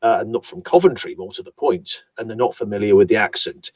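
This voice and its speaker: A man from Yorkshire, an audiobook narrator, chatting about his voice work in an animated storytelling manner. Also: fairly low pitch, fast, slightly rough, no room sound. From Yorkshire, England. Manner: animated, chatty storyteller who slips into accents. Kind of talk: casual conversation about voice work.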